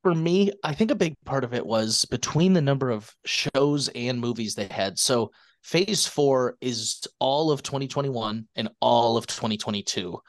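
A man with a mid-range voice chats as a podcast guest. He talks with enthusiasm and lively asides, animating his points as he goes. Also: medium pitch, moderate pace. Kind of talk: casual podcast discussion.

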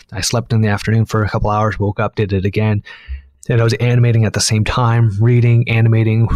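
Chatty low-voiced man telling a story. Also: no echo. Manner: rambling, animated, heavy use of "like" and acted-out quotes. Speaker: animator telling his career story as a guest. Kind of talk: casual storytelling chat.

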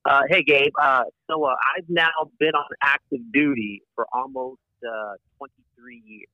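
A man's voice: medium pitch, steady tone, a little slow, sharp tone, dry recording, poor audio. A man in his forties, a Navy lawyer, telling his story in a casual interview with many fillers and restarts. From United States.

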